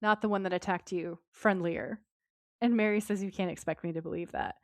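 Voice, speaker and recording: A woman co-hosting a podcast, retelling a TV episode with lively quoted lines in casual chat. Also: mid-range voice, a little fast, no echo. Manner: lively retelling, quoting characters in her own voice. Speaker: podcast co-host.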